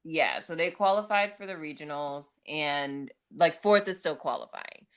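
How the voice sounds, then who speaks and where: A woman with a low voice talks through a movie plot in a loose, conversational way. She fills her sentences with "like" and "um" as she goes. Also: unhurried, clear, resonant tone. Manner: chatty, many fillers and laughs. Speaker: podcast co-host. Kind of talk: casual movie recap.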